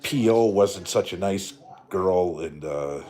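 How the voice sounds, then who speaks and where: A man's voice: sits low, slow pace, dark tone. A middle-aged man from Canada hosting a live stream, rambling and joking with lots of profanity. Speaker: livestream host. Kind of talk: casual live-stream rant.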